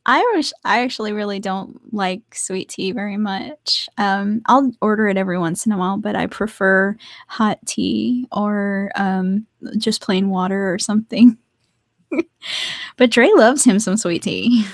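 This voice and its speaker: A young woman chats to her viewers from her art desk at home, chatty and quick to laugh between sentences. Her voice sits at an average pitch, and the sound is dry and close with no room echo. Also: fairly even intonation. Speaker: artist live-streaming to viewers. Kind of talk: casual live-stream chat.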